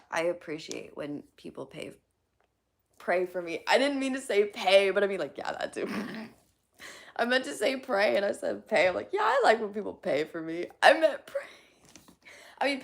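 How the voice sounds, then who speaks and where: A woman's voice: lowish voice, creaky. A woman live-streaming in casual chat, giggling often, reading chat aloud and swearing casually.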